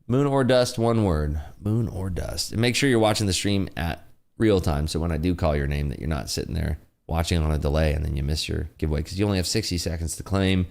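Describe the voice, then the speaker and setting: A man's voice: low voice, brisk, gravelly, darkish tone. A young man hosting a casual trading livestream, reading chat aloud and joking around with a laugh. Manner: jokey, reads chat aloud, laughs often. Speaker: livestream host.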